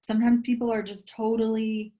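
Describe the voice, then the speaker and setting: Chatty woman coach, fairly high voice. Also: level tone, fairly quick, warm tone. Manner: chatty, earnest, peppers speech with "like". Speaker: relationship and dating coach, guest. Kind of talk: casual podcast interview.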